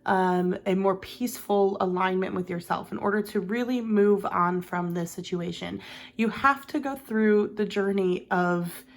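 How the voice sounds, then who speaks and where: A woman's voice: mid-range voice, steady tone, measured pace. Chatty woman doing a tarot reading. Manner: chatty, rambling, filler-heavy, laughs at herself. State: has the hiccups. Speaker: tarot reader. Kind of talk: casual tarot reading to camera.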